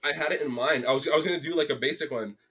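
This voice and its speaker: A man's voice: fairly high pitch, very fast, over a noisy crowd. A young man, a graphic artist guest on a podcast, telling a story in casual chat with lots of fillers and acted-out quotes. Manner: animated storytelling, acts out quotes, many fillers.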